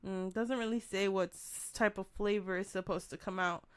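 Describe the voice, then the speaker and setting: Chatty woman with a smooth voice. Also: mid-range voice, steady tone, normal speed. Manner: chatty, upbeat, filler-heavy. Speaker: podcast co-host. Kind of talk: casual beer-tasting chat.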